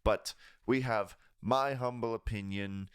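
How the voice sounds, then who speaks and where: A man's voice: fairly low pitch, steady tone, slow, clean tone, no echo, studio quality. A man hosting a music review segment, rambling casually with many fillers and restarts. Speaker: music review show host.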